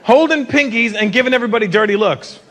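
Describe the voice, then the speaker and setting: A Canadian stand-up comedian in his fifties tells brash, profane stories from a theater stage, talking quickly in an extremely high-pitched voice. The live stage mic catches a loud crowd, audience laughter and applause, plus slight background noise.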